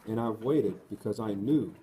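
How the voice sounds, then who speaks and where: A man reading the part of a young woman who is tender and resolute, in an earnest, gentle voice. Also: fairly low pitch, moderate pace, noisy background, natural voice. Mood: joyful.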